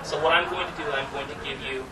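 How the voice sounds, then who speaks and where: A man's voice: on the high side, steady tone, fast, a crowd in the background. A man presenting a magic workshop, chatting and teasing a volunteer in front of a small group. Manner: chatty, teasing, theatrical asides. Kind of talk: live workshop demonstration. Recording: distant mic with clear background noise.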